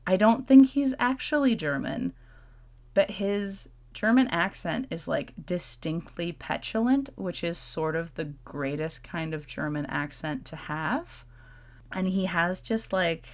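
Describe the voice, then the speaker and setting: Woman, podcast co-host, casual chat, playful, lowish voice. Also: animated, slow. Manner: chatty and playful, laughs often.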